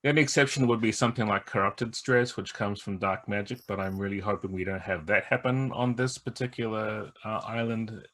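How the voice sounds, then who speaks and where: A low-voiced man describes his character's actions and then walks the group through the game's rules. He is earnest and explains things step by step. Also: fairly quick, hardly any pauses, a bit bright. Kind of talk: playing and explaining a tabletop game.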